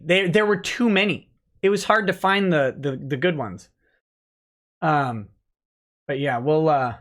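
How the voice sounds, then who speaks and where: Joking man hosting a livestream. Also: fairly high pitch. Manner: joking, rambling, reads chat aloud. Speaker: livestream host, lawyer. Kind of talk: casual livestream chat.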